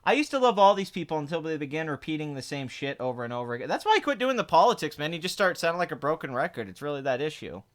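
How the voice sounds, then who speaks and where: A man hosting a casual livestream podcast, rambling quickly and boasting in a mock-serious way. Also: a little high, sing-song. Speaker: podcast host.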